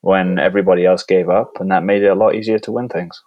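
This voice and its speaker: Deep dry-witted Bristol man, close dry sound, podcast guest. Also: quick pace, no echo, dull audio. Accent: Bristol English. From England. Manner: dry, deadpan wit. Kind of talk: casual chat.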